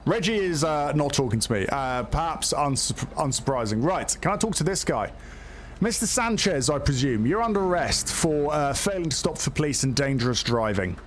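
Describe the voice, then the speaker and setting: A man's voice: fairly high pitch, very animated, moderate pace, a little hiss or hum. Chatty man hesitantly commentating gameplay. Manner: hesitant, chatty, lots of fillers and self-talk. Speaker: streamer playing a police game.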